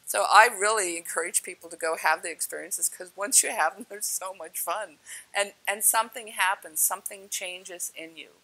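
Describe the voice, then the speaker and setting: A woman telling spiritual experience stories in an animated, casual way, laughing often and acting out what people said. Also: medium pitch, rough recording. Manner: laughs often, acts out quoted lines with big swings. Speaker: speaker sharing spiritual experiences. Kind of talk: animated storytelling.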